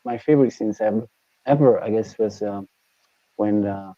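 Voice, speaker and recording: A man's voice: fairly low pitch, normal speed, warm tone, no echo, dull audio. A man from Italy talking as a band guest in a casual interview, hesitant with many fillers and easy laughs.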